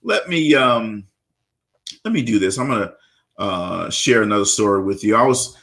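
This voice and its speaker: A man's voice: fairly low pitch, expressive, normal speed, fairly bright tone. Upbeat male radio host. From Louisiana. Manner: upbeat, stammers and repeats words. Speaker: radio talk show host. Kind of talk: live radio talk show.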